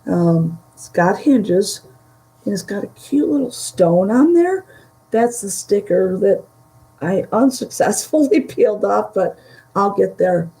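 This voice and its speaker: Slow gravelly-voiced woman chatting. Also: mid-range voice, lively intonation, dark tone, rough recording. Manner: chatty, giggly, trails off mid-sentence. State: voice starting to go, dry throat. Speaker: vintage reseller showing a haul. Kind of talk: casual chat to a live audience.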